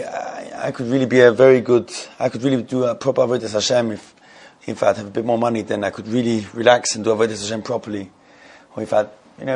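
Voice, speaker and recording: A man leads an informal Torah class, moving in and out of storytelling with a slow, halting, conversational flow. His voice is gravelly and a little husky. He laughs here and there as the tale unfolds. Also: medium pitch, darkish tone. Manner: halting, conversational, laughs while telling stories.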